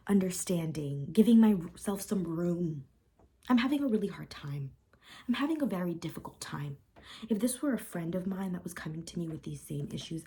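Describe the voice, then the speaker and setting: A woman's voice: on the low side, mellow, husky. A young woman talking candidly and upset in a confessional vlog, rambling and repeating herself. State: upset and frustrated. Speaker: vlogger.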